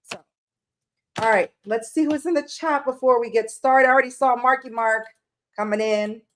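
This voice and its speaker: A woman's voice: on the high side, normal speed. A woman hosting a tarot livestream from her room at home, tearful and emotional as she chats casually and greets viewers by name.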